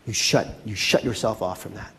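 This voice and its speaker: A man preaching a sermon as a pastor, conversational and animated, often checking in with his listeners. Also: lowish voice, moderate pace, a little hiss or hum.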